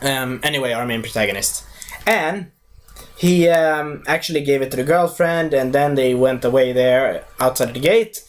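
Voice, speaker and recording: A man's voice: mid-range voice, moderate pace. A man giving a casual spoken movie review, rambling, losing his thread and correcting himself as he goes.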